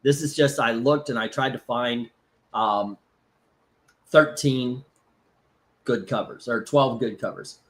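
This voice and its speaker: A man's voice: medium pitch, slow, pauses often. Rambling man hosting a live stream. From Florida. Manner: rambling, many fillers and restarts. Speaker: host. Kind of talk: casual live-stream chat.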